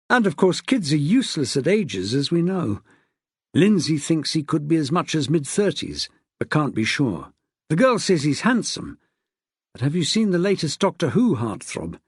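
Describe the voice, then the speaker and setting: Guy reading a novel aloud, husky voice that swings way up and down, dry close mic. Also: dry recording. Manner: expressive, shifts pitch for characters. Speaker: audiobook narrator. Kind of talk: scripted narration.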